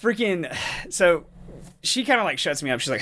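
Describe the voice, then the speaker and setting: A man's voice: high voice, sing-song, normal speed, bright, forceful tone, slight background noise. A man co-hosting a podcast, telling a rambling, profane story in casual chat and laughing often. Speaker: podcast co-host.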